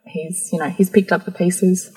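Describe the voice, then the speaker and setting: A woman, telling a personal story candidly on a podcast, animated and laughing often. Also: fairly low pitch, moderate pace, husky, rough recording. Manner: animated, laughs often, acts out quoted voices. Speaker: podcast guest.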